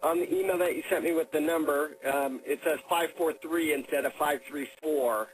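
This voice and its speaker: A man's voice: a little high, moderate pace. A middle-aged man joining a call as guest speaker, hesitant, with fillers and restarts. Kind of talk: casual phone conversation. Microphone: telephone. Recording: phone line with faint noise.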